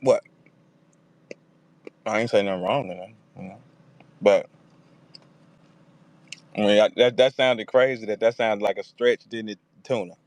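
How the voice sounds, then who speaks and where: Man, talk host, casual live audio chat, animated, profane, dry close sound. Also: measured pace, long pauses, no room sound. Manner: animated, profane, acts out quotes in a higher voice.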